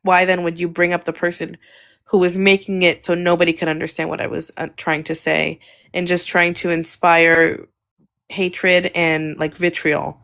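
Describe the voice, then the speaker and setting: A woman's voice: fairly low pitch, level tone, moderate pace, creaky, a bit bright. A woman guest on a livestream, earnestly explaining and defending her views at length.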